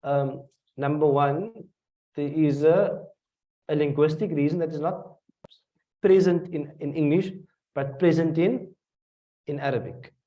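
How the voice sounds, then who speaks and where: A man's voice: fairly high pitch, steady tone, measured pace, long pauses, dark tone. A man with a South African accent teaching a class, asking his students questions and repeating phrases as he explains. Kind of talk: classroom tafsir lesson. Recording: dull lo-fi classroom recording from a distance.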